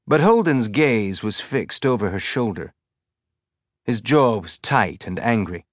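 A man narrating an audiobook in a measured, tense storytelling manner. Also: lowish voice, animated, dry recording, clean studio sound. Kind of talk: scripted narration.

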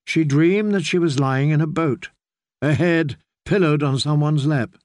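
A man reading fantasy narration for an audiobook in a measured, steady way. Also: a little high, dry recording, studio quality.

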